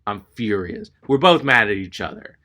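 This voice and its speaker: Male comic from Texas, crisp bright voice, slightly low pitch, exasperated storyteller. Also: lively intonation, normal speed. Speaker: stand-up comedian. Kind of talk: stand-up storytelling.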